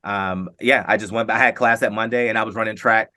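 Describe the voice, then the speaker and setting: A middle-aged man recounts his story in an easygoing interview, his voice bright and forceful. He acts out the quotes as he goes, and the sound is dry and close. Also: lowish voice, fairly quick, no room sound. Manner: animated anecdote-telling, acting out quotes with laughs. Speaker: guest, former pro football player.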